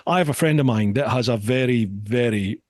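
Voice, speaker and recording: A Scottish man hosts a relaxed podcast conversation and tells his stories with lively energy, often repeating his words for emphasis. His voice sits in a middle range and is recorded close on the mic, so it sounds very dry and free of room echo. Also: mid-range voice, moderate pace. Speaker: podcast host. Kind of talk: casual podcast chat.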